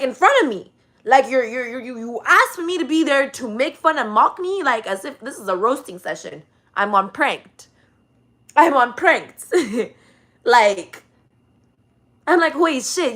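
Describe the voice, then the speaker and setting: A woman's voice: on the high side, sharp tone. Profane, emphatic woman ranting on faith. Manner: profane, emphatic, repeats key phrases. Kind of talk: casual religious rant.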